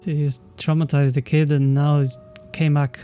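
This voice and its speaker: A man's voice: a little high, level tone, moderate pace, dark tone, clean tone, soft background music. A man giving emotional, swear-filled commentary while playing a game. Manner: swears a lot, emotional, reads game dialogue aloud. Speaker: let's play gamer. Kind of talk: gaming commentary.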